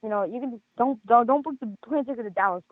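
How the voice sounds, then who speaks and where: A hoarse man with a high voice calls in over a tinny phone line. He talks fast and rambles, tripping over himself with stammered restarts. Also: dry recording. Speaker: caller. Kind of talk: casual sports call-in chat.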